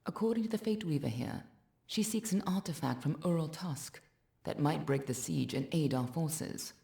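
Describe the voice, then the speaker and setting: A woman with a southern English accent voicing a solemn, loyal quest-giver in a video game, speaking in a measured, formal way. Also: deep voice, expressive, vocal fry, mellow. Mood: grave. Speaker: game character.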